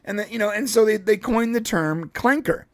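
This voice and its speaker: A man's voice: sits high, normal speed, dry recording, clean studio sound. A man co-hosting a live podcast stream, chatting casually in a rambling way with frequent restarts and laughs. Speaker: podcast co-host.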